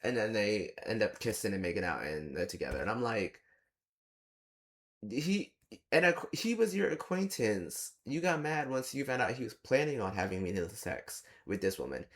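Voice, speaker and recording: A man's voice: lowish voice, sing-song, normal speed. A young man giving a rambling, exasperated casual movie review, often slipping into mock quotes of the characters. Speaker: movie reaction host.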